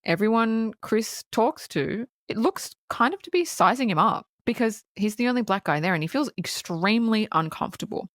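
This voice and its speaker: A woman's voice: mid-range voice, normal speed, few pauses, no echo. Woman podcaster gushing thru a movie recap, lots of like and swearing, dry close sound. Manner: excited, swears casually, lots of "like". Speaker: podcast co-host.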